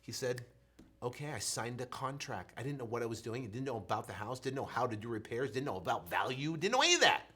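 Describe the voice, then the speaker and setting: This thirtysomething real estate coach relates his story with motivational energy, acting out his stammering and moving between loud and quiet. His mid-range voice is husky, and he talks fast with few pauses.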